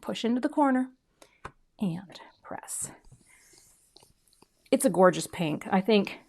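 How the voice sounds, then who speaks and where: A middle-aged woman talks through a crafting demo in a casual, chatty way, poking fun at herself. She often trails off into quiet murmurs while she works. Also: mid-range voice, expressive, brisk. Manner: chatty, self-deprecating, drops to soft murmurs while working. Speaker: craft video host.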